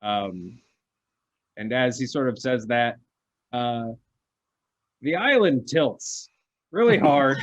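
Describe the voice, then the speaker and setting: A man at a mid-range pitch narrates a tabletop game as its game master. He is unhurried and easygoing, and he fills his sentences with small pauses and fillers. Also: dull audio. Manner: relaxed, many filler pauses.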